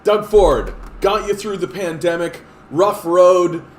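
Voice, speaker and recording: A man mimicking a boastful male premier in a campaign ad, with a loud, drawn-out, slogan-like delivery. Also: high voice, roomy sound, a little hiss or hum, pitched above the performer's own voice.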